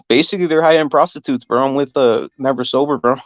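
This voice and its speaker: A man hosting a casual stream, talking crudely and rambling, his voice raspy from smoking. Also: medium pitch, brisk, no echo, muffled recording. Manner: crude, rambling, lots of "bro". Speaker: podcast host. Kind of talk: casual livestream chat.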